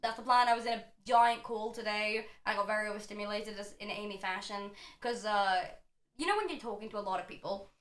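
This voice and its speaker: A woman's voice: medium pitch, fast, a bit bright, roomy sound. A woman guest on a casual podcast, chatting with a lot of energy, swearing and laughing often.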